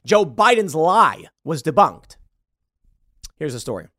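A man's voice: on the high side, very animated, slow, bright, forceful tone, no room sound, clean studio sound. A man hosting a podcast, giving heated, emphatic political commentary and stumbling over repeated words when worked up. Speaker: podcast host.

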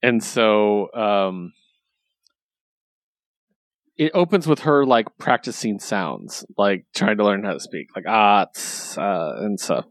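A man's voice: lowish voice, expressive, takes it slowly, pauses often, no echo. Chatty enthusiastic man, dry sound. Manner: enthusiastic, lots of fillers. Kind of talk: casual chat.

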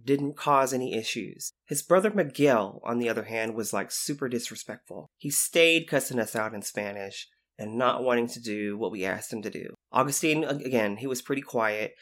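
Animated storytelling man. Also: mid-range voice, normal speed, few pauses. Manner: animated, acts out quoted voices. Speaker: guest, former youth intervention specialist. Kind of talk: storytelling anecdote.

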